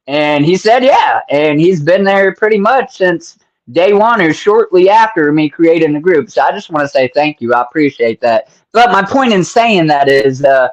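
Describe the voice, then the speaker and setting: A man's voice: fairly high pitch, muffled recording. A man hosting a casual interview, chatty and friendly, laughing often and using lots of slang. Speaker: interview host.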